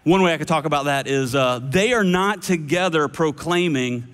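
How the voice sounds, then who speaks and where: A man preaching a sermon, animated and playful with shifting voices. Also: on the high side, fairly quick, few pauses. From United States. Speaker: pastor. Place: large church hall. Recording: long hall reverb.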